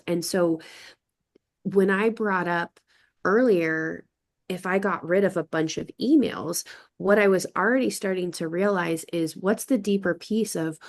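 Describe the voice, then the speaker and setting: A woman's voice: fairly low pitch, darkish tone. A middle-aged woman in a casual group discussion, talking in long reflective runs and often checking in with the listener. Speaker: podcast guest.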